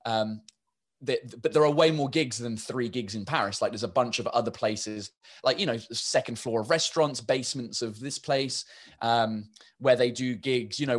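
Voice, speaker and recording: A man's voice: medium pitch, normal speed. An English man, a stand-up comedian, chatting in an interview and rambling with many restarts and fillers. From England. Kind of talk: casual interview chat.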